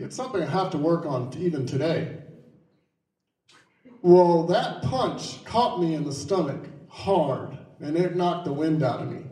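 A man with a high voice tells a vivid first-person story, quick in some stretches and slow in others. He sounds set back from the mic, and the room around him is echoey. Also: warm tone, far from the mic.

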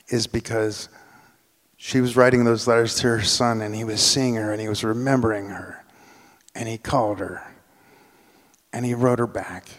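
A man telling a personal story on stage, animated, acting out the voices of people in it. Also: mid-range voice. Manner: animated, acts out quoted voices. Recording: long hall reverb.

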